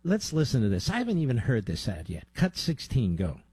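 A man's voice: medium pitch, huge pitch swings, a little fast, a little mellow, husky, dry recording. A man hosting a talk radio show, delivering a combative monologue with sarcastic asides to his producer.

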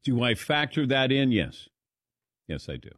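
A man's voice: mid-range voice, sing-song, a little slow, fairly bright tone, dry recording. A man hosting a sports talk radio show, teasing his crew in casual studio banter. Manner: dry teasing, laughs often.

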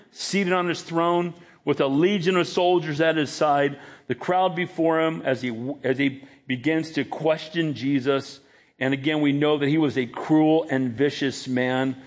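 A male pastor preaching a sermon, emphatic and dramatic as he retells a scene. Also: fairly high pitch.

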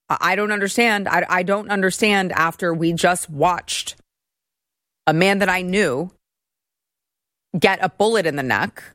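A woman's voice: fairly low pitch, fairly bright tone, dry recording, studio quality. A young woman hosting a political talk show, giving a brash, sarcastic, opinionated monologue. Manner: brash, sarcastic, rapid-fire.

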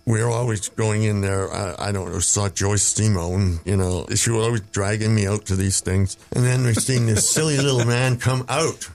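A man's voice: on the low side, normal speed, gravelly, few pauses, a little mellow. An older man, telling rambling stories as an interview guest, with chuckles and restarts. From Canada. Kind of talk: casual storytelling interview.

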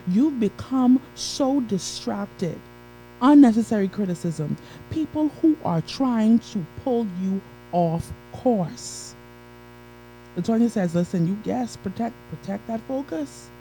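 A woman's voice: medium pitch, mellow, slight background noise, poor audio. A woman giving an emphatic motivational talk on a live stream, repeating key phrases and greeting viewers by name.

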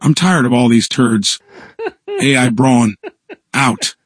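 A man's voice: medium pitch, takes it slowly, breathy edge, no echo. A man's voice playing a crude, grumpy AI version of a governor in a comedy radio bit, blunt and dismissive. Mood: scornful.

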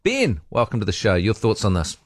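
A man's voice: on the low side, wildly swooping pitch, fairly quick, noisy background. A man with a New Zealand accent hosting a talkback radio show, reading out listener texts and chuckling between calls. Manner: reads listener texts aloud, laughs easily. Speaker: radio talk show host. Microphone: studio microphone.

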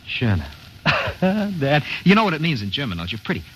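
An actor playing an excitable, salesy publicity man in an old radio play. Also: fairly high pitch, moderate pace, a little hiss or hum, poor audio. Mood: pushy, excited. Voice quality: salesy, wheedling, laughing. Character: fast-talking Hollywood publicity man, pushy and excitable. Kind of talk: 1940s radio acting.

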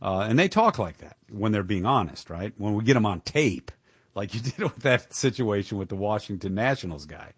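A man's voice: lowish voice, big pitch swings, normal speed, husky, no echo, studio quality. A man hosting a talk radio show, giving indignant, emphatic political commentary with the odd chuckle.

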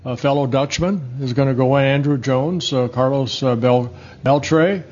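A man in his seventies, a former pitcher, telling rambling, self-deprecating stories in an interview. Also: steady tone, measured pace, darkish tone, lo-fi sound. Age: 70s. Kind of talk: storytelling in a sports interview.

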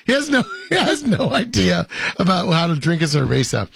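A man's voice: sits high, huge pitch swings, fairly quick, vocal fry, fairly bright tone. A man hosting a show, reading viewer comments in casual banter, hesitant with many fillers and playfully pompous. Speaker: host.

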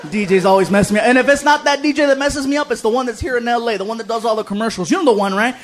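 Brief: male stand-up, very high voice, crowd noise behind. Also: rapid-fire. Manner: chatty storytelling, slips into character voices. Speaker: comedian. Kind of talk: stand-up comedy. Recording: live club recording with audience. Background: audience noise.

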